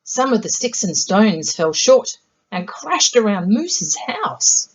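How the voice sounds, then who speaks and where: A woman reading a children's picture book aloud in a gentle, measured storytelling voice. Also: medium pitch, very animated, husky, highs cut off. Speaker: storybook reader.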